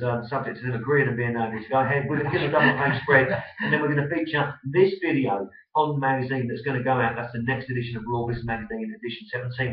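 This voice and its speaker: Essex-accented male host, rambling and friendly-casual, off-mic in a roomy space, muffled audio. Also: medium pitch. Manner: chatty, rambling with many fillers. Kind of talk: business web show interview. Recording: echoey, distant, dull web-video sound.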